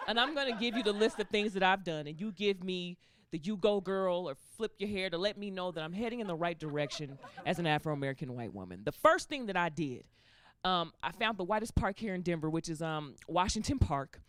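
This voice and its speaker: A woman's voice: on the low side, fairly quick. A woman doing a stand-up comedy set, telling stories and acting out the voices of the people in them. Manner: animated storytelling, acts out voices of people in the story.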